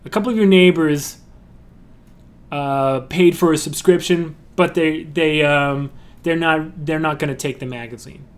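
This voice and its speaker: A man voicing a pushy young male magazine seller who makes a smooth, guilt-tripping sales pitch. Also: unhurried, natural voice. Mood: wheedling.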